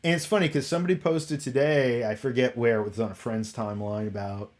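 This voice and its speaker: A man talking through his views in a loose, rambling way, circling back and restarting as he goes. He sounds exasperated, his voice sitting at an ordinary middle pitch. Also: fairly even intonation, brisk. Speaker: host. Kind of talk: casual commentary.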